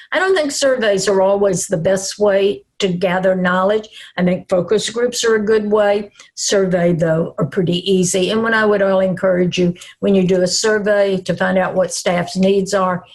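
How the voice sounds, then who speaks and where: An older woman from the American South with a Southern accent, presenting at an online summit in a slow, calm and reassuring way. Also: mid-range voice. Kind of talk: webinar presentation.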